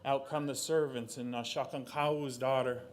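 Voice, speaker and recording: Animated male oral storyteller. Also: mid-range voice, normal speed, slight background noise. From southeast Alaska. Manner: animated, uses sound effects. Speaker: storyteller and artist.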